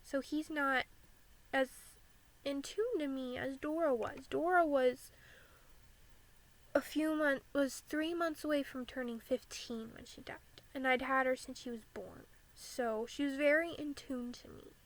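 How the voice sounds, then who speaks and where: Young american woman vlogging about anxiety, high voice, earnest, lots of "like". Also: a little slow, rough recording. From United States. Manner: candid and earnest, frequent "like" fillers. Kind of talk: personal talk about living with anxiety.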